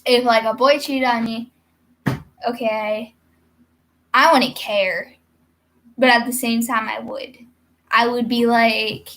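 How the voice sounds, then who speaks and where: Young woman rambling on her vlog, kinda high voice, hyper and giggly. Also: fairly even intonation, slow, pauses often, fairly bright tone. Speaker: vlogger. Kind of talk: casual vlog monologue.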